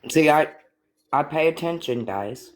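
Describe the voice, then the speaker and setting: A woman's voice: sits low, lively intonation, measured pace. An older woman hosting a live stream, telling stories with laughter and swearing in a casual chat. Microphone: phone or computer for live stream.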